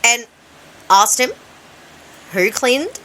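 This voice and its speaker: An Australian woman co-hosting a casual radio podcast, telling animated anecdotes and acting out bits of dialogue with lots of laughter. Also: fairly high pitch, drawn-out words. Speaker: radio co-host. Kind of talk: casual chat.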